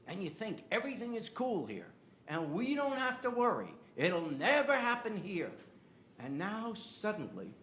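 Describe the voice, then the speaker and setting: A man's voice: high voice, fairly bright tone, slight background noise. Earnest older man telling a family story. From United States. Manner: earnest, rising to impassioned. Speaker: podcast host. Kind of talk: personal storytelling and opinion.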